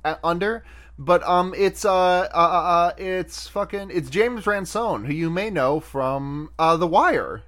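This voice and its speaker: A man with a voice a touch higher than most talks through a film in relaxed podcast chat. He rambles, restarts his sentences and swears now and then while recapping scenes. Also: unhurried. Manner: rambling retelling with quoted dialogue and laughs; swears casually. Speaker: podcast co-host. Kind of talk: casual film discussion.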